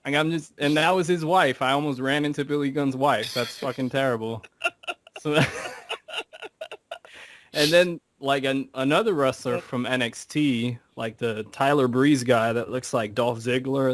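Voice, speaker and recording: A man on a podcast telling stories in a casual, animated way, acting out quotes and swearing freely. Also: mid-range voice, unhurried, dry recording, clean studio sound. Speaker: podcast co-host. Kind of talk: casual chat.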